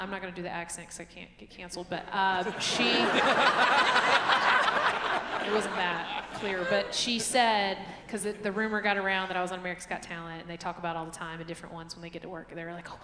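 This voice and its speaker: A woman's voice: lowish voice, little pitch movement, fast, background noise. A woman performs a live stand-up set on a theater stage, chatty and self-mocking with punchy asides. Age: late 30s. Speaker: stand-up comedian. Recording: echoey theater hall, faint crowd. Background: audience ambience.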